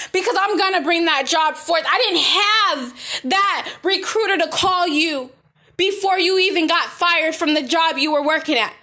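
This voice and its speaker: A woman's voice: extremely high pitch, sharp tone. A woman giving an emotional religious testimony to her viewers, fervent and repeating praise phrases, her voice at times breaking with feeling. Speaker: vlogger giving a faith testimony.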